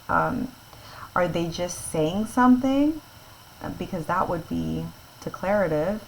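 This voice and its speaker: Patient woman teacher with a lowish voice. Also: measured pace, gravelly, a little hiss or hum, rough recording. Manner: patient, explains step by step and checks in with "okay?". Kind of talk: classroom grammar lesson.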